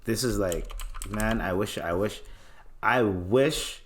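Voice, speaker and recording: A man's voice: on the low side, slow, slight background noise. A man hosting a podcast, ranting casually and animatedly with plenty of swearing and laughter. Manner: animated, profane, often laughing. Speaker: podcast host. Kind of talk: casual comedic rant.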